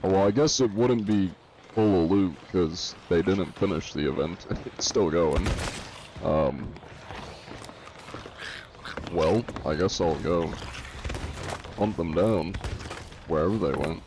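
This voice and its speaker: A man's voice: sits low, slow, pauses often, background noise. A man streaming a pirate game live, reading viewer comments aloud and answering them in a joking, laid-back way. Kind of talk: casual live-stream chat while gaming.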